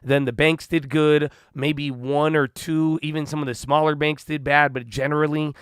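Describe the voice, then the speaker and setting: Speaking at a moderate pace, the young man running this casual trading stream has a slightly high, clean-toned voice with little pitch movement. He comes across hyped and slangy, giving viewers shout-outs, though he's a bit out of breath and winded. It's a dry, clean studio recording.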